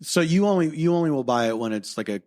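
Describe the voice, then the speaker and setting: A woman co-hosts a casual comedy podcast with a playful, teasing edge. Her pitch moves around a lot as she talks, and she is quick to put on mock outrage for a laugh. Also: expressive, dark tone, no room sound, clean studio sound. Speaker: podcast co-host.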